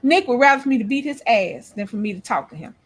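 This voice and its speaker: A woman's voice: fairly high pitch, lively intonation, fast. A woman in casual chat, telling stories and speaking emphatically to her audience. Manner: storytelling, emphatic, lectures trolls. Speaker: co-host.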